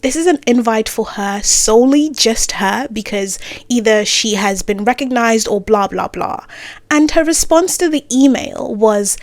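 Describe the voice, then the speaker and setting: A woman talking casually to camera with career advice, full of playful asides and self-corrections, sometimes dropping into soft near-whispers. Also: a little high, unhurried, dry recording. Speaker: creator giving career advice.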